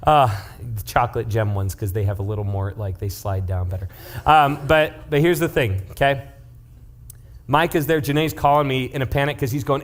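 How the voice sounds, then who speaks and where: A man's voice: medium pitch, fairly quick. A young man giving a casual youth sermon as youth pastor. He jokes and keeps checking in with his listeners as he tells stories. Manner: joking, conversational, checks in with the audience; lively storyteller.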